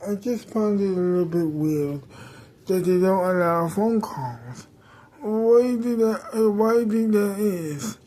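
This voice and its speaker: A woman voicing a worried young woman visiting a friend in hospital, asking halting, hesitant questions. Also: mid-range voice, animated, mellow. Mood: nervous.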